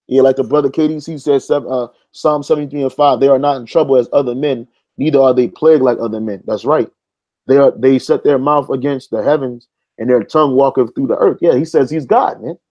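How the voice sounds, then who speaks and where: A man's voice: medium pitch, dark tone, dull audio. A man preaching informally, reading an article aloud and arguing back at it, with street-casual talk full of "man". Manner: stops to reread passages and argue back. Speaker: religious commentator.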